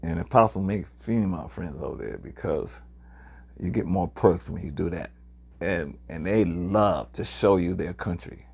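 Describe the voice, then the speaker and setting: A man's voice: low voice, animated, moderate pace, creaky, a little mellow, husky. A man, casually talking to viewers about his travels, rambling and hesitant with many fillers. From New York, Harlem. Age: 60s. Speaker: traveler sharing experiences. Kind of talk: casual video talk to viewers.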